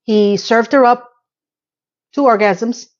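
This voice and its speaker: A woman's voice: a little high, slow, muffled recording. A middle-aged woman hosting a casual TV recap, talking in a candid, chatty and blunt way. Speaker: TV recap host.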